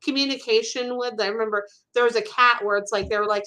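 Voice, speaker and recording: A woman talks as a guest in a relaxed interview, full of enthusiasm and gushing warmth for her subject. Her voice sits a little higher than average. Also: fast, low-quality recording. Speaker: guest, animal communicator. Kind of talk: casual interview chat.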